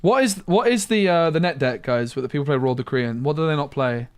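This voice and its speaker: A man's voice: a little high, animated, quick pace, clear, resonant tone, no room sound. A man streaming a card game, chatting casually and muttering asides with mild slang. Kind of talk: casual gameplay commentary.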